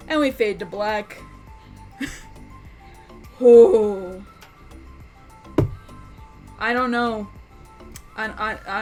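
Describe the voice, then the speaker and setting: A woman telling an unscripted tabletop game story, rambling, swearing and laughing. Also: a little high. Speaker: YouTube storyteller, game master.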